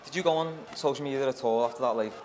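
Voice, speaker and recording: A man's voice: mid-range voice, rapid-fire. A man interviewing a fighter casually, friendly, laughing along and asking short prompting questions. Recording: noisy background.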